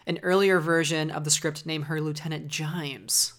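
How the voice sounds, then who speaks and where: A woman's voice: low voice, fairly even intonation, moderate pace. A woman hosting a podcast, chatting enthusiastically and laughing often. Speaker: podcast host. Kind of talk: casual chat.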